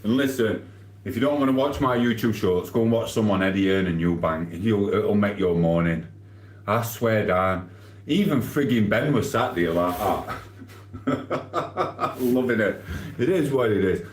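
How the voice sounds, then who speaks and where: A man's voice: fairly low pitch, animated, a little slow, reverberant. Jokey Sheffield man streaming live. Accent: Sheffield, Yorkshire. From England. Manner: rambling, jokey banter with frequent laughs. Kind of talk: casual live stream chat reading comments.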